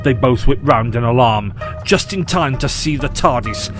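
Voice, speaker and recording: A man narrating an audio short story in a measured, expressive way. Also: mid-range voice, music in the background.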